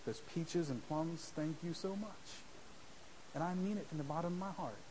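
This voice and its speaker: A man preaching a sermon in church, rising to shouts and dropping to a hush, mimicking his listeners. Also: a little high, normal speed, slight background noise, poor audio. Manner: swings from shouting to soft, mimics church members. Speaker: visiting preacher.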